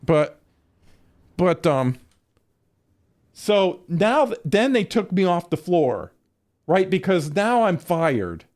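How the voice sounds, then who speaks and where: A man with a notably high-pitched voice spins a long, rambling yarn between moments of gameplay. He swears freely, trips over his own restarts and keeps breaking into laughter. He sounds middle-aged and casual, like a streamer chatting to his viewers. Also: sing-song, slow pace, pauses often, a little mellow. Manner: profane, rambling, laughs often. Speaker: game streamer. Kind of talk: casual storytelling during a game stream.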